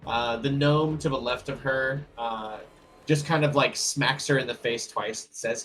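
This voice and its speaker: A man narrating as game master of a tabletop game in a relaxed way, with many fillers. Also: medium pitch, measured pace, slight background noise, low-quality recording.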